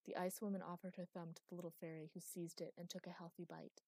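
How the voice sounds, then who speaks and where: A woman reading a fantasy audiobook as narrator, in an even storytelling style. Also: fairly low pitch, quick pace, no room sound.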